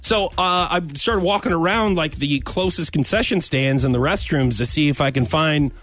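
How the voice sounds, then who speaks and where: A man co-hosting a radio show, telling a funny personal story in a casual, animated way and acting out his own lines. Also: fairly high pitch, moderate pace, soft background music.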